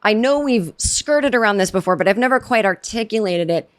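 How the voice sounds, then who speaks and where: A woman's voice: mid-range voice, expressive, a little fast. Woman, middle-aged, podcast comic host; sardonic, digressive monologue with frequent restarts. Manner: sardonic, rambling, self-interrupting. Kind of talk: solo comedic podcast monologue.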